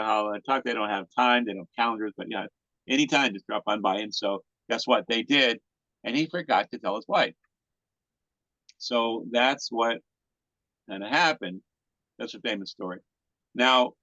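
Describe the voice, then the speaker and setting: In a retreat center meeting room, a man in his sixties tells a group a story in a folksy, meandering way during a discussion. His medium-pitched voice sounds pushed and bright, and the recording is dull, lo-fi and dry.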